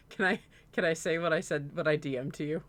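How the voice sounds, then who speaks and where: Bright-voiced man chatting loosely. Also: a little high, fairly even intonation, moderate pace, no echo. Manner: rambling, laughing, swearing freely. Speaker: streamer co-host. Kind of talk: casual chat.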